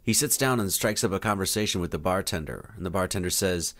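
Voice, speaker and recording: Man, video host, scripted narration, calm storyteller, slightly low voice. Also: fast talker.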